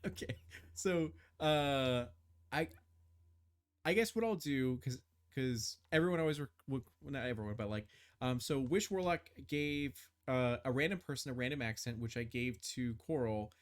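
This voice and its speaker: A man's voice: mid-range voice, moderate pace. A man running a tabletop game as game master, describing scenes with many fillers and restarts.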